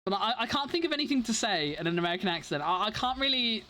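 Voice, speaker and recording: A woman's voice: medium pitch, very animated, quick pace, pushed and bright. A young woman with an English accent, chatting casually with her stream viewers in a rambling way, full of fillers and restarts. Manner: rambling, filler-heavy, self-interrupting.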